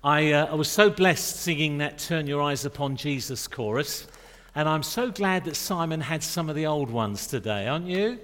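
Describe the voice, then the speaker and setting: A man's voice: a little high, lively intonation, normal speed, a bit bright. A middle-aged man preaching in a church, chatty and joking with the congregation between points. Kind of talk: sermon. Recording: long reverb of a church hall.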